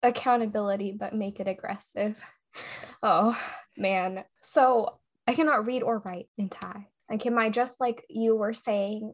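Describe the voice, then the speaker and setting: A young woman co-hosting a podcast, chatting casually with lots of giggling and comic swearing. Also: medium pitch. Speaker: podcast co-host. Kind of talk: casual chat.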